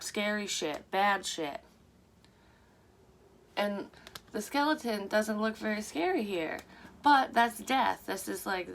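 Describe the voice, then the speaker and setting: A woman reads tarot cards to camera in a loose, rambling psychic session, talking openly and cursing freely. Her voice is medium-pitched with a fairly bright tone, and slight background noise can be heard.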